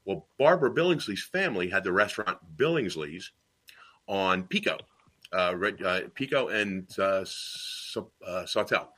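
A middle-aged man from Tennessee spins long, rambling anecdotes in a casual talk, stumbling through fillers and restarts as he goes. His voice is somewhat low yet bright and forward, with a husky, slightly rough edge. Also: expressive, normal speed.

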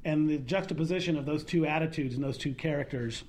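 A woman's voice: deep voice, fast talker, a little mellow, slight background noise. Rambling, self-mocking woman performer. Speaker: guest performer and singer. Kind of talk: casual interview chat.

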